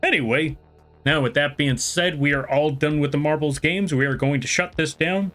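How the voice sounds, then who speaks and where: A man with a slightly high voice streams live from a home setup, calling a race in a playful, excitable way. He drifts into rambling asides as he chats with viewers, while faint music plays underneath. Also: moderate pace. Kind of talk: casual live-stream chat and race commentary.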